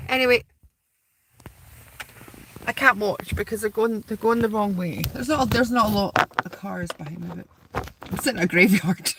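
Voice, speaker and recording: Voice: mid-range voice, moderate pace, gravelly, pauses often, sharp tone, a little hiss or hum. A spiritual vlogger sitting outdoors in a graveyard, rambling casually to viewers, repeating words and asking them questions.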